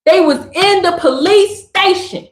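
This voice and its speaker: A woman giving a spiritual message on a live stream, talking in an animated, emphatic, slangy and preachy way. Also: extremely high pitch, unhurried. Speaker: spiritual reader. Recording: roomy echo.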